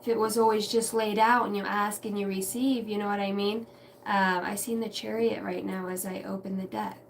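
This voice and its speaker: A woman's voice: medium pitch, level tone, normal speed, vocal fry. A woman hosts an intuitive reading livestream, drifting from thought to thought in a reflective, chatty way with the odd curse word. She sits some distance from the mic. A faint hum of background noise lingers under her voice. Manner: meandering, reflective, casually profane. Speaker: tarot and intuitive reader.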